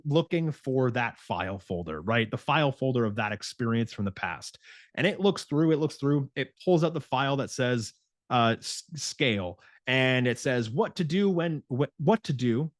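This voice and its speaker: A man speaking as a fitness coach in an animated motivational talk, mid-pitched and recorded dry and close. He slips into his clients' inner voices and stumbles through quick restarts. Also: no room sound. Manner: frequent restarts and "like" fillers.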